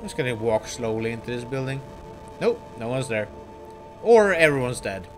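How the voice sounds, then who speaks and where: A man's voice: medium pitch, sing-song, moderate pace, soft background music. A young man giving casual gameplay commentary, rambling with crude, swearing reactions. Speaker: let's play gamer.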